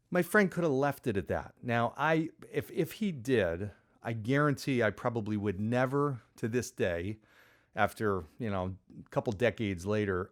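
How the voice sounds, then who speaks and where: A middle-aged man hosting a podcast, telling a personal story in a conversational way with lots of fillers and acted-out quotes. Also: medium pitch. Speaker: podcast host.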